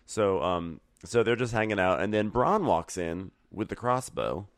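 A man's voice: lowish voice, lively intonation, unhurried, no echo. A man co-hosting a podcast, chatting casually about a TV episode and acting out the characters' lines. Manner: chatty, acts out characters' lines, many fillers. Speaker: podcast co-host. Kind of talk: casual TV recap chat.

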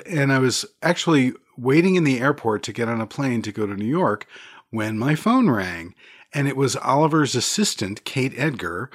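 A man speaks as a guest with a voice of ordinary middle pitch. He tells his stories in a lively, animated way and laughs often. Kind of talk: conversational storytelling.

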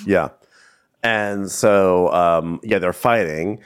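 A man's voice: low-pitched, takes it slowly, smooth. A man co-hosting a podcast, sarcastically recapping a reality show and acting out quotes. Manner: sarcastic, acts out quotes with profanity. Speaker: podcast co-host. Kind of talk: casual recap chat.

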